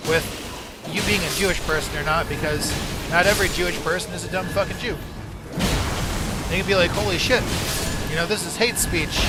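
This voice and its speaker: Man ranting profanely over game music. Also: a little high. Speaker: game streamer. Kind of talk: casual live-stream commentary.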